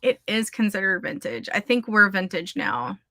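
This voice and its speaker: A woman's voice: mid-range voice, lively intonation, moderate pace, bright, forceful tone, no room sound, clean studio sound. A woman, hosting a livestream of writing sprints in a chatty way and reading out viewer comments. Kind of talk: casual livestream chat.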